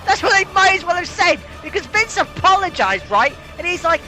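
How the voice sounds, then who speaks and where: A British man hosting a comedy show, swearing and ranting in exasperation with sudden shouts. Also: very high voice, sing-song, fairly quick, soft background music, poor audio. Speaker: host. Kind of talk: comedic rant.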